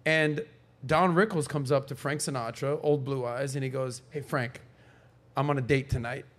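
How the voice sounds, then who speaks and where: A man hosting a podcast, telling a story in a lively casual way and acting out the people in it. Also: mid-range voice, normal speed. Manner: animated storyteller, acts out quoted voices. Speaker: podcast host. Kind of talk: casual chat.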